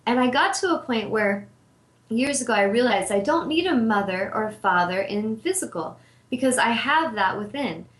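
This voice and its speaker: Woman healer talking from the heart, kinda high voice, roomy echo. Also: expressive, moderate pace. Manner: earnest, heartfelt, candid. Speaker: host and intuitive healer. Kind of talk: spiritual talk monologue. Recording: echoey room.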